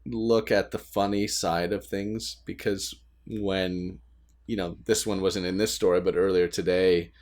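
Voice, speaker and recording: A man's voice: deep voice, fairly even intonation, a little slow, darkish tone. A man co-hosting a casual podcast as a new father, talking candidly with jokes, frequent laughs and some swearing, recorded at his desk at home. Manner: candid, joking, laughs often, mild swearing.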